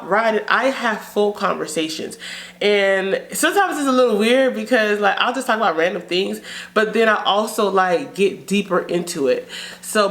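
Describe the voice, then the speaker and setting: A woman hosting her channel, giving frank, chatty advice and dropping into low sultry voices for examples. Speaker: channel host. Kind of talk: casual advice talk to camera.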